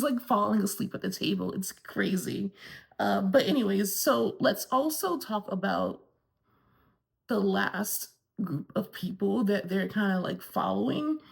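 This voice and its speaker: A woman's voice: mid-range voice, lively intonation, unhurried, vocal fry. A woman from Florida giving a candid, gossipy recap of a TV episode and swearing casually along the way. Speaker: TV review vlogger.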